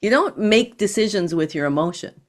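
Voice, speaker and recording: A woman guest on a podcast, explaining in a measured, teacherly way and acting out quoted thoughts. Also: mid-range voice, lively intonation. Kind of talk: calm explanatory conversation.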